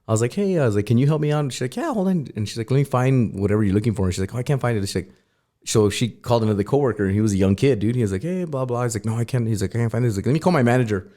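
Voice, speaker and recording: A man from El Paso, a radio DJ guest, talking in a casual podcast studio chat as a fast, profane, animated storyteller. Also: on the low side. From El Paso, Texas.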